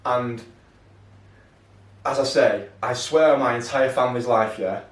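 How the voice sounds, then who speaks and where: A man's voice: medium pitch, a little slow. Rambling young man, roomy and distant. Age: 20s. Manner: rambling, sweary, peppers lines with "yeah". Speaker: podcast co-host. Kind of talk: casual chat, storytelling. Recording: roomy, mic set far off.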